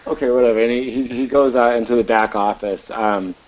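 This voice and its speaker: A man running a tabletop game as its game master, narrating loosely with many fillers. His pitch sits in a middle range. He talks over a dull, lo-fi online call. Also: fairly even intonation, moderate pace. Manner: rambling, filler-heavy narration.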